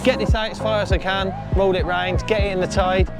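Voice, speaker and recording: Chatty man, slightly high voice. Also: level tone, brisk, over loud music. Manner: chatty, upbeat, giving friendly advice. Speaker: angler and channel host. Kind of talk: casual fishing vlog chat. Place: outdoors on a shingle beach.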